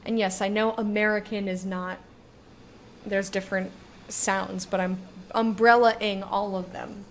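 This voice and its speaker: Woman streamer, casual chat with viewers, chatty, lingers on words, mid pitch. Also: little pitch movement, measured pace, a little hiss or hum. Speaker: game streamer.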